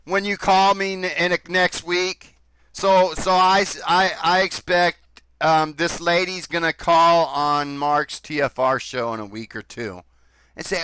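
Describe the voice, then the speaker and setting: A man's voice: a little high, steady tone, measured pace, pushed and bright, smooth, no room sound. A man giving critical commentary between clips, scornful and sarcastic.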